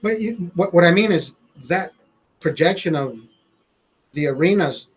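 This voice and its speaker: A man's voice: high-pitched, animated, unhurried, breathy edge, rough recording. A man, a father, hosting a show from a studio, telling stories in a loose, profane, rambling way with lots of restarts. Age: adult, father. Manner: profane, restarts often, storytelling. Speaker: show host. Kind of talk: casual rambling chat.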